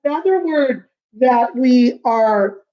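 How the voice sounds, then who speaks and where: A woman teaching a remote lesson to young children, patient and sing-song, repeating words slowly. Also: fairly high pitch, expressive, mellow, muffled recording. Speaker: kindergarten teacher.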